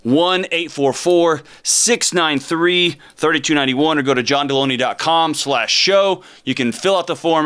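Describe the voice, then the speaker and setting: A middle-aged man hosting a talk show from a studio, talking with animated energy and sarcastic, joking asides. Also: medium pitch, clean tone. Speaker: host. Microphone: close studio mic.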